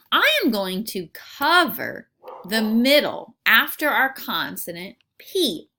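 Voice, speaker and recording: A woman teacher leads a recorded phonics lesson for young children. Her voice is bright and clear, sits a little high, and her pitch rises and falls a lot. She takes her time, sounding each word out patiently. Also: sing-song. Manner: patient, sounds out words slowly, asks questions aloud.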